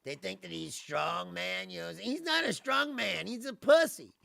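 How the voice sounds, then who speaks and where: A man rants casually on a livestream, swearing and laughing. His voice is high, gravelly and sharply bright, and it swings widely in pitch. The sound is close and dry. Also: moderate pace, no room sound. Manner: profane, laughing often, mocking impressions. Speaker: livestream host. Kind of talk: casual ranting political monologue.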